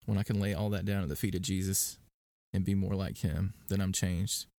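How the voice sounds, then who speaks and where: A man's voice: low-pitched, fairly even intonation, brisk, creaky, warm tone, dry recording, studio quality. A man chatting as a guest on a faith podcast, rambling with fillers and restarts as he tells stories. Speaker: worship leader and podcast guest. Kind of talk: casual conversational interview.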